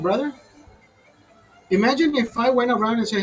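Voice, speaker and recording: A man's voice: extremely high pitch, a little fast, pauses often, poor audio. A man ranting casually to his viewers over a beer, profane and fired up, calling them brother. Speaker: host.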